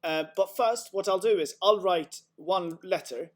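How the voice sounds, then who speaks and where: A man's voice: sits high, a little slow. Man, language tutor on a video call, patient and methodical, demonstrating sounds one by one. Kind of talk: online tutoring session.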